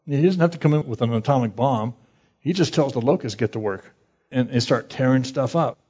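Male pastor, conversational Bible teacher, husky voice, dull lo-fi recording. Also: mid-range voice, fairly quick, darkish tone. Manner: conversational, plain-spoken, reads scripture aloud.

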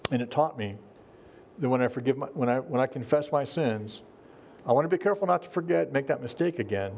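A man's voice: medium pitch, fairly quick, creaky, darkish tone, a little hiss or hum. Earnest middle-aged male pastor preaching. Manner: earnest, conversational preaching with frequent restarts. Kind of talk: sermon.

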